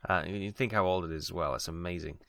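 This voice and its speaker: Gravelly, rambling British let's-play host. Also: male voice, sits low, quick pace, fairly bright tone, no room sound. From Wales. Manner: rambling, hesitant, many ums and asides. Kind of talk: casual gameplay commentary.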